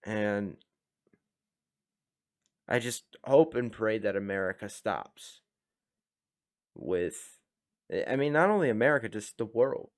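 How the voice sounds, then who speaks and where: Hosting a reaction video, a blunt, profane man offers loose, emphatic commentary full of swearing. His voice sits a little low and is expressive, and he talks slowly with frequent pauses.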